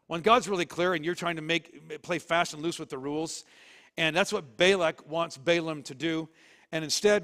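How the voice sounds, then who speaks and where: A man preaching a sermon as pastor, in a lively, conversational way with sudden loud bursts. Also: on the high side, big-room sound. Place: church sanctuary.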